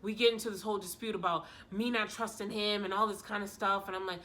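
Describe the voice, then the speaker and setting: A woman vlogger telling a story in a casual, animated way, full of slang and sass. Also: medium pitch, fast talker, few pauses.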